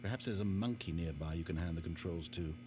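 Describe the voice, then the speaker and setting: A man's voice: low-pitched, quick pace, a loud crowd, lightly acted. A man voicing a sardonic, condescending game narrator with a dry, mocking delivery. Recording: game audio with steady hum.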